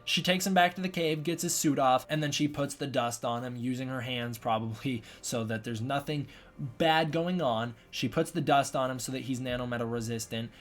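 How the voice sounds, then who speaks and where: A man's voice: mid-range voice, fairly quick, faint music behind. A man giving a casual spoken film review, rambling and often restarting his sentences. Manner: rambling, repeats and restarts himself.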